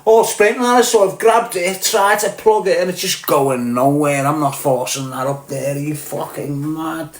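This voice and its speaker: Speaking at normal speed with few pauses and a fairly high pitch, this middle-aged man from Liverpool hosts a live stream. He trades crude, bragging, foul-mouthed tales with his chat and addresses viewers by name, all in a room with noticeable echo.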